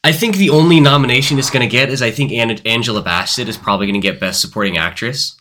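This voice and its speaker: Bright-voiced man rambling about movies. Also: medium pitch, fast, a little hiss or hum. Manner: rambling, self-correcting, hedging. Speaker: podcast co-host. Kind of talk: casual movie review chat.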